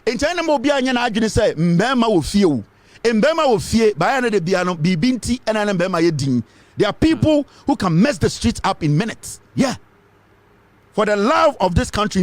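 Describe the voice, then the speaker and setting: Brief: Ghanaian male commentator, fiery and emphatic, raised pitch, very animated delivery. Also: brisk, dry recording. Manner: fiery, emphatic, repeats points, mixes English with Twi. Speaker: political commentator. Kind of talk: impassioned political commentary.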